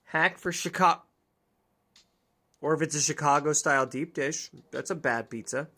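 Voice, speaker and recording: A woman's voice: low-pitched, normal speed, fairly bright tone. A young woman streamer giving goofy, joking commentary while reading a dating game aloud. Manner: goofy, reads dialogue aloud, swears and jokes. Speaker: gaming streamer. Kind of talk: casual let's-play commentary.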